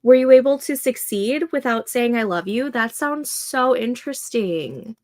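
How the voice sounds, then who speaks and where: A woman with a fairly high voice hosts a casual live stream of writing sprints. She takes her time, speaking at a slow, relaxed pace as she reads out viewer comments and cheers them on. Her voice sounds slightly stuffy from allergies. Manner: unhurried, reads viewer comments aloud and reacts warmly. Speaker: livestream host running writing sprints.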